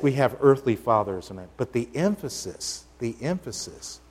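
A man delivers a sermon in a church sanctuary, speaking in a conversational but emphatic way. He often turns questions to the congregation. His voice sits at a middle pitch for a man, and it carries a long hall reverb. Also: a little mellow. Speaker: pastor.

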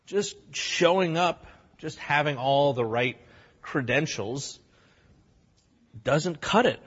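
A pastor with a slightly rough, somewhat high voice preaches to his congregation, blunt and plain-spoken. He's animated, acting out both sides of an argument in quick voices. The sound is muffled, with the big-room feel of a church sanctuary.

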